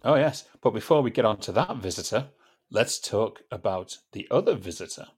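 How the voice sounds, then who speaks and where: A man from Britain with a fairly low voice opens a podcast episode in a wry, easygoing manner. He chats casually with his co-host about films. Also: lively intonation, normal speed, darkish tone, husky. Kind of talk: casual film podcast chat.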